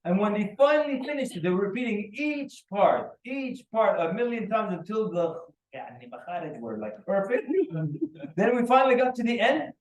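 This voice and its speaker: Animated male storyteller in an echoey room. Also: high voice, brisk. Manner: animated storyteller who acts out the people in his stories. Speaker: workshop speaker. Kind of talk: anecdotal teaching talk. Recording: roomy echo, mic at a distance.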